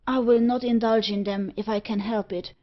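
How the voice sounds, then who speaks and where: A woman voicing a young man in love, gentle and earnest, with a brooding streak. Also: fairly high pitch, steady tone, normal speed, lightly acted. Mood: tender. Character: young man, tender but brooding lover. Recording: slightly dull audio.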